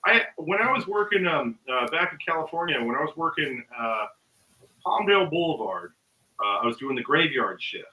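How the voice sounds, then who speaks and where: At a moderate pace, a guest musician with a slightly high, pushed, bright voice and big pitch swings tells a long story in casual chat. He rambles, says um and uh a lot, and acts out others' voices with laughs, while the recording is rough and he's far from the mic.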